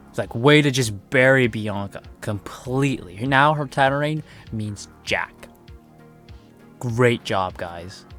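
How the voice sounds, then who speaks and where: A young man giving a casual spoken review, sarcastic and exasperated, often swearing and complaining. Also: medium pitch. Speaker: wrestling reviewer.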